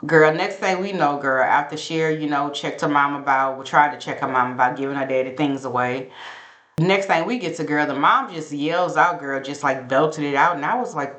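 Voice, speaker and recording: A woman's voice: deep voice, moderate pace, a bit bright, reverberant. A woman, sassily recapping a reality show episode in a casual, gossipy commentary straight to her viewers.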